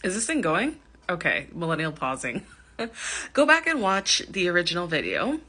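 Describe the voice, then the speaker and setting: A bright, clear-toned woman from Canada talks casually into her phone camera, laughing often and hedging with ums as she comments. Her voice sits a little low for a woman. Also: huge pitch swings, moderate pace. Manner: chatty, giggly, hedging with many ums. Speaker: vlogger reacting to a clip.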